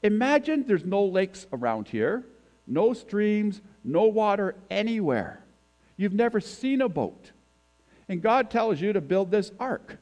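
Delivering a sermon as a guest in a church sanctuary, a man chats with the congregation and puts questions to them. His high-pitched voice is sing-song, a little slow and a little mellow.

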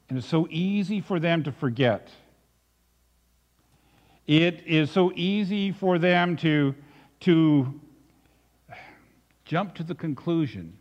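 A male pastor preaching a sermon in a reflective way, dropping soft and then rising with emphasis. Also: a little high. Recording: dull recording with long reverb.

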